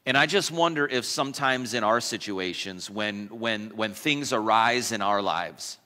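Guy pastor giving a sermon, bright punchy voice, lots of questions to the crowd, big echoey church. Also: fairly low pitch, a little slow. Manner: conversational preaching with rhetorical questions and asides. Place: church sanctuary. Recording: long church reverb.

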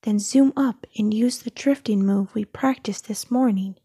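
A woman's voice: mid-range voice, measured pace, warm tone, husky. A woman voicing a caring female car who calls out urgent advice in a storybook read-aloud.

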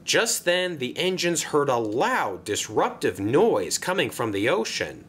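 Slow, expressive male storyteller. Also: mid-range voice, a little hiss or hum. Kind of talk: narrating a homemade toy-train story.

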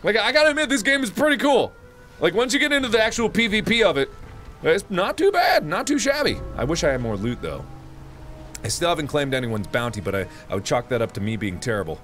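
A man streaming a game live, joking and yelling at enemies, then dropping to low mutters. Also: quick pace, faint music behind. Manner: excitable, jokey, yells at enemies then mutters.

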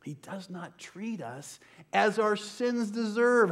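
An older man and pastor, preaching a sermon with slow, emphatic phrasing that sometimes drops to a near-whisper. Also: high voice, animated. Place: church.

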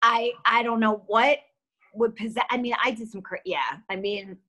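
A woman's voice: on the high side, steady tone, moderate pace, pushed and bright. A woman from Cleveland, a guest comedian, chatting from home over a video call and telling stories in a chatty, giggly way. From Cleveland, USA. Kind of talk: casual chat.

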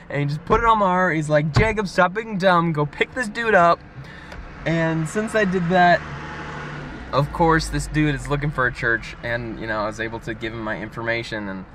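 A young man talking casually to camera in a vlog, chatty and animated, laughing often. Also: mid-range voice, slight background noise. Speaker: vlogger. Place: gym parking area.

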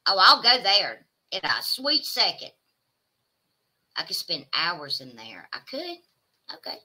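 A woman with a Southern American accent hosts a livestream, chatting casually and reading her viewers' comments aloud. Her voice is fairly low with huge pitch swings, a slow pace, and a pushed, bright quality. She's chatty and exclaiming, tossing drawling asides to chat.

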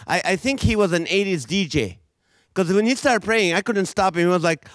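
A man from Israel doing a stand-up comedy routine, animated and quick with quoted voices. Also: high-pitched, dry recording, clean studio sound.

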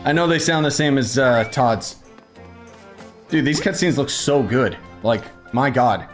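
A man's voice: mid-range voice, measured pace, soft background music. A man giving casual let's play commentary, joking and talking back to the game.

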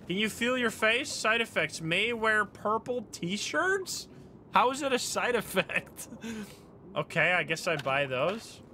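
A man streaming a video game live, commenting casually, swearing and getting excited, with game music playing behind. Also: takes it slowly, a little hiss or hum. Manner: excitable, swears, jumps high when excited.

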